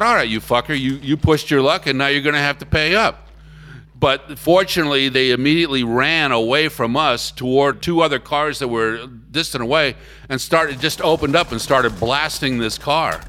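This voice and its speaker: A man telling his own story in a blunt, animated, casual way, swearing freely. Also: medium pitch, a little hiss or hum. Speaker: interviewee.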